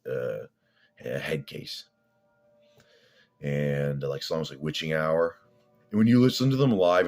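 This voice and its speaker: Very deep-voiced man rambling bluntly. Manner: profane, blunt, meandering. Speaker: fitness vlogger. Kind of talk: rambling casual monologue.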